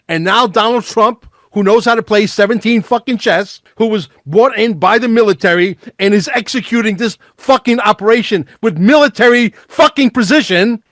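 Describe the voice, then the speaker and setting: Excitable, swearing talk-show host man. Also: high-pitched, no echo, clean studio sound. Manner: excitable, heavily profane, stumbling over words. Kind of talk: political talk show chat.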